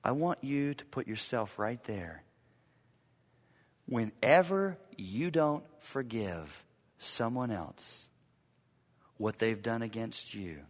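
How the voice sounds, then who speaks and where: Dramatic preacher in a reverberant hall. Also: male voice, fairly low pitch. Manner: dramatic, swinging from loud urgency to hushed near-whispers. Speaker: pastor. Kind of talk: sermon. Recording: long reverb of a large hall.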